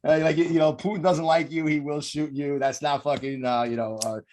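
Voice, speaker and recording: A man guesting on a podcast, telling crude, animated stories in casual chat and acting out the people in them. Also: on the high side, a little fast, slight background noise. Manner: profane, animated storyteller acting out others.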